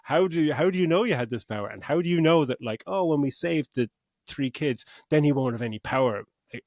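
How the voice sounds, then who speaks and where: A man's voice: fairly high pitch, animated, brisk, a little mellow, no room sound, clean studio sound. A man co-hosting a film review podcast, ranting in exasperation and swearing with laughs. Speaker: podcast co-host. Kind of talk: casual film review chat.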